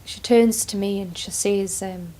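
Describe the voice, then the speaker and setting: A woman, performing a dramatic monologue as a care worker who shifts between quiet asides and excited outbursts. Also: medium pitch, a little slow.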